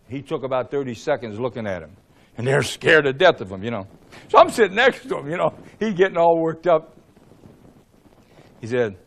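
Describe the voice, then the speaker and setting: A man in his seventies from Ohio, a former congressman giving a blunt, animated rally speech, acting out the exchanges he describes. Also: a little high, moderate pace. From Ohio, USA. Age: 70s. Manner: animated, acts out quoted exchanges, blunt and profane.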